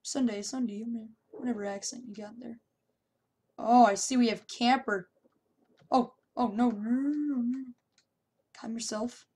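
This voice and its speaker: Young woman, gameplay commentary, higher voice, slow drawn-out delivery, taunts and yelps, typing at the desk. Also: slightly rough. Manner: excitable, yells and taunts in bursts, then mutters. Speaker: gameplay YouTuber.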